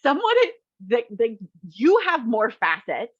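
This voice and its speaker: A woman therapist and matchmaker in casual panel chat, blunt and animated, acting out what clients say. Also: fairly high pitch, measured pace, slightly rough, no room sound, muffled recording. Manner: animated, blunt, acts out quotes.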